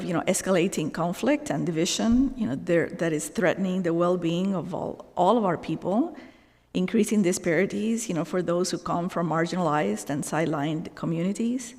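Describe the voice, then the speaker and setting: A woman giving a formal presentation to a university board, earnest and halting, with many ums and you knows. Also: on the low side, darkish tone. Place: meeting room at a board session. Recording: long hall reverb.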